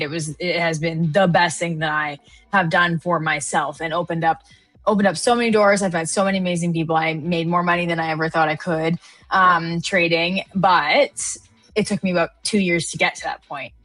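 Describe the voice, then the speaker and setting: A woman's voice: lowish voice, steady tone, moderate pace, a bit bright, faint music behind. A woman from Canada telling personal trading stories in a casual, reflective chat. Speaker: trader guest or co-host. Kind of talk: casual live-stream chat.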